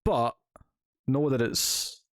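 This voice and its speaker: Male podcast host, casual rambling chat, middle pitch, dead-dry close-miked sound. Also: drawn-out words, no room sound. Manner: laughs often, filler-heavy rambling.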